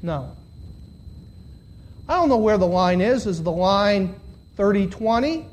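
Before a congregation of about fifty in a church hall, a preacher delivers a live sermon at a slow, animated pace. He drops to quiet, low questions, then rises to loud, shouted emphasis, drawing out key words.

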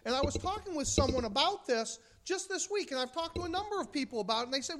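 A woman's voice: high voice, lively intonation, quick pace, few pauses. A woman from the United States preaching a sermon, emphatic, with rhetorical questions and mocking asides.

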